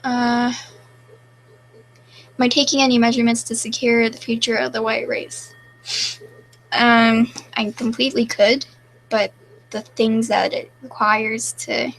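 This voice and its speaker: Young woman live streaming, reads chat questions out and answers offhand, raspy fry, slightly high voice, faint hiss behind. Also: fairly bright tone, poor audio.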